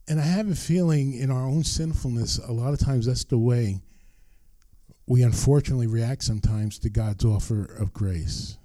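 A man's voice: mid-range voice, normal speed, dark tone, no room sound. An older man preaching a sermon as pastor, earnest and emphatic, repeating his key phrases.

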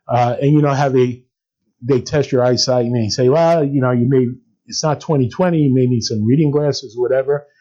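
A man's voice: medium pitch, warm tone, muffled recording. A man preaching a sermon as a pastor in a conversational way, with frequent fillers and restarts.

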